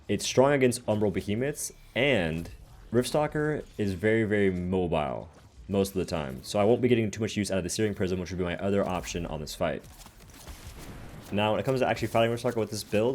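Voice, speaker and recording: A man's voice: fairly low pitch, a little mellow, slight background noise. A man who hosts a gaming channel, casually explaining his game builds step by step in a voice-over.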